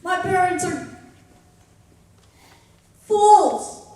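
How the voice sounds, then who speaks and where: Slow-telling woman in an echoey theater. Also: extremely high pitch, dark tone, distant mic. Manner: deliberate, confiding, dryly wry. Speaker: storyteller. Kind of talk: live storytelling monologue. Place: theater stage.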